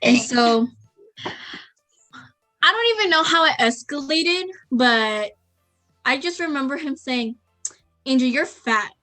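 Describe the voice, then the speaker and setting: A woman's voice: sits high, expressive, slow pace, pauses often, bright, forceful tone, faint music behind. A young woman co-hosting a podcast, frankly asking the group questions and sharing her own story. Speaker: podcast co-host. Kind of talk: casual chat.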